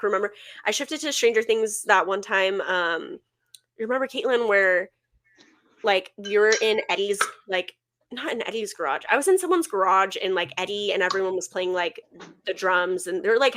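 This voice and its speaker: A woman's voice: mid-range voice, fairly bright tone. Chatty young woman telling a story. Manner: chatty, full of "like" fillers, storytelling. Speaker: podcast co-host. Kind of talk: casual chat.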